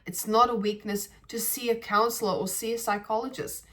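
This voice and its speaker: A woman's voice: fairly high pitch, steady tone, fairly quick, a bit bright, distant mic. A woman talks through a reflective podcast episode in a loose, chatty way. She speaks earnestly and straight to her listeners, checking in with them as she goes. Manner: chatty, earnest, addresses listeners as guys, frequent "like" and "right". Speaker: podcast host. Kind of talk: casual reflective talk to camera.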